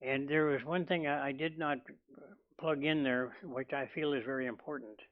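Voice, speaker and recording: A man preaching a sermon in a church, talking slowly and deliberately, often restarting his sentences. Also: medium pitch, steady tone, phone-quality sound. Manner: slow and deliberate, with many restarts. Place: church hall.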